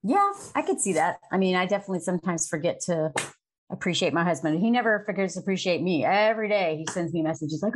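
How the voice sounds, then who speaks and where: A woman's voice: on the low side, expressive, quick pace. A woman in her forties talking frankly as an interview guest, laughing often and swearing casually. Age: 40s. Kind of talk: candid conversational interview.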